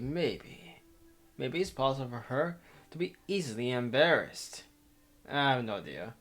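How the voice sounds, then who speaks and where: A man reading a visual novel aloud with his own commentary, rambling and cutting himself off. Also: mid-range voice. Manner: rambling, self-interrupting, laughs often. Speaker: let's player.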